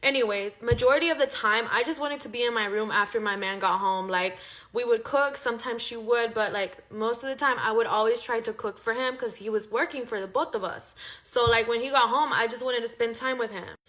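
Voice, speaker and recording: Bright-voiced young woman telling a story. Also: a little high, a little fast. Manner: chatty, profane, heavy use of "like". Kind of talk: casual storytime monologue.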